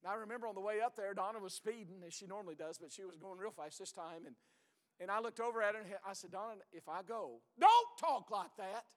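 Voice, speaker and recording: A middle-aged man preaching a sermon as pastor, earnest and hoarse, often sinking to a low, intense voice and repeating his words. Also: quick pace, a bit bright, big-room sound.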